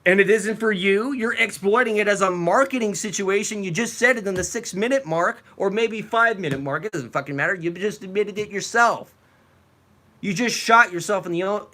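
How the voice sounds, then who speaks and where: A man hosting a reaction video, delivering an angry, profane rant at a clip, sometimes shouting. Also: sits high, moderate pace. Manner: furious and profane, at times shouting.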